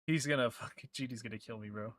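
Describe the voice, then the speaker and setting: A man's voice: mid-range voice, quick pace, background noise. A man streaming a game, chatting casually and trading crude, joking banter with his chat.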